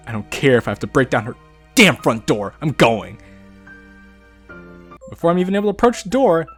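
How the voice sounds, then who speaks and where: Gaming host reading a visual novel aloud, animated and expressive, soft music underneath. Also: male voice, medium pitch. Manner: animated, swearing reactions.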